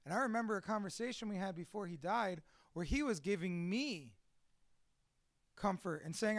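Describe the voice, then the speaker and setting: A man with a high, rough voice speaks straight to a live audience, swearing freely and bluntly. His delivery is animated and candid. The sound is close and dry, with almost no room tone. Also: normal speed, no echo. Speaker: speaker at a live storytelling event.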